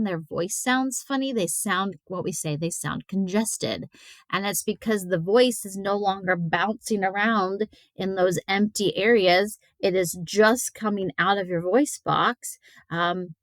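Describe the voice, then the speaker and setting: A woman lectures on anatomy in a relaxed, conversational tone, full of "um"s and asides. She trips over tricky terms and laughs them off. Her voice sits at an ordinary middle pitch, recorded close and dry. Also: dry recording. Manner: chatty, many fillers, stumbles over hard words. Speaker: teacher.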